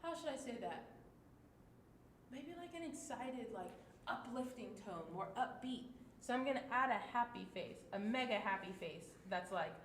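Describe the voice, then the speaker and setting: A woman's voice: animated, moderate pace. A woman teaching a livestreamed class, encouraging and marking the tone for each line. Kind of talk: livestreamed class, reading aloud. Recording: echoey room with faint rumble.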